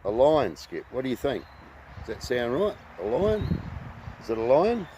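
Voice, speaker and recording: A man hosting a rambling casual talk, halting and full of ums and uhs. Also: medium pitch, sing-song, noisy background. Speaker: host.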